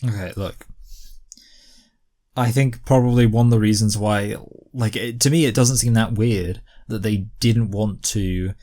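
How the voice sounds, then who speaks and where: A young man talks through his reaction commentary in a lowish voice. He rambles with plenty of fillers and slides into exasperation. The talk is loose and unscripted. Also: steady tone, a little slow, warm tone.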